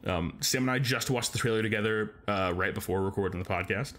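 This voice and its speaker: Man, podcast co-host, casual chat, somewhat low voice, rambling, eager. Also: fast, a bit bright. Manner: rambling, many "like" fillers; enthusiastic fan.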